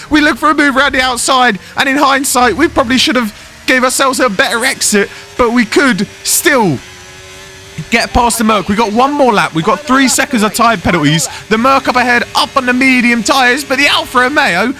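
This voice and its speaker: A man calls his own racing game play-by-play, quick and excitable. His voice sits high and sounds bright and forceful. Faint game music plays underneath. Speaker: gaming YouTuber commentating his own race. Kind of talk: excited live game commentary.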